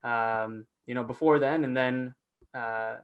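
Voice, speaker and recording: A man's voice: mid-range voice, takes it slowly, clear, resonant tone, highs cut off. Chatty man explaining, restarting often. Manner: animated, many restarts and fillers. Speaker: guest actor. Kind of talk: casual teaching chat.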